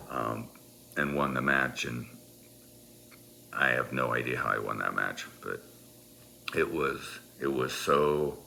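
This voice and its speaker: A man telling a personal story in a rambling, halting, self-deprecating way. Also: very deep voice, gravelly, pushed and bright, a little hiss or hum.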